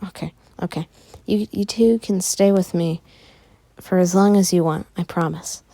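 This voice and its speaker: A woman voicing an old grandfather, a crime boss who soothes the children, in a reassuring and halting way. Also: fairly low pitch, fairly even intonation, mellow, no room sound, lightly acted.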